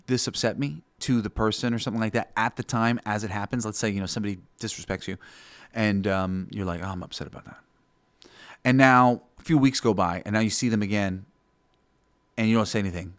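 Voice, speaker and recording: A man hosting a podcast, talking through an idea in a rambling, casual monologue full of swearing and fillers. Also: lowish voice. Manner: rambling, profane, with many fillers. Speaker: podcast host.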